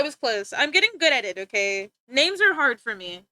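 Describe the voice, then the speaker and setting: Bright, high-voiced woman streamer chatting playfully. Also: sing-song, moderate pace, few pauses, dry recording. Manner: playful, giggly and rambling, often breaking off to laugh; joking, teasing banter with chat. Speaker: livestreamer. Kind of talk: casual live-stream chat with viewers.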